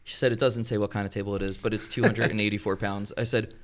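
A man's voice: on the low side, fast. A man chatting casually on a podcast, telling a long story and acting out the people in it. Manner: animated storyteller who acts out quoted voices. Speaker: podcast co-host. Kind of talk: casual chat.

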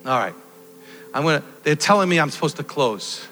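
A man preaching a sermon, swinging from loud exhortation to quiet storytelling. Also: fairly high pitch, sing-song, a little fast. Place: church hall. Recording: long hall reverb with faint music.

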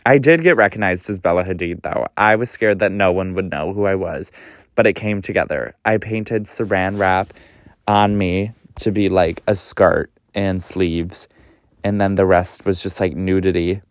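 Gossipy young man, low and dry. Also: normal speed, dry recording. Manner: animated, gossipy, swears a lot, pitch often jumps up. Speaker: podcast host. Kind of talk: casual storytelling monologue.

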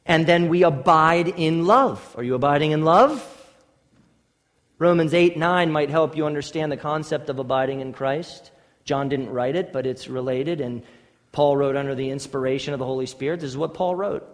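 Man, pastor, sermon, high voice, emphatic rhetorical questions, long hall reverb. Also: fairly even intonation, normal speed. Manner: emphatic preaching with repeated phrases and rhetorical questions.

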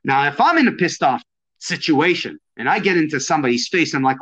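A man's voice: fairly high pitch, animated, brisk, a bit bright. A man who teaches de-escalation talks bluntly and emphatically in a casual conversation, swearing often. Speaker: de-escalation and self-defense instructor. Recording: dull lo-fi sound.

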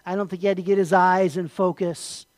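Pastor giving an animated sermon in a dry, close sound; dramatic drops to a near-hush, then big lifts. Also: mid-range voice, a little fast, no echo. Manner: animated, swinging from hushed to loud; rhetorical questions.

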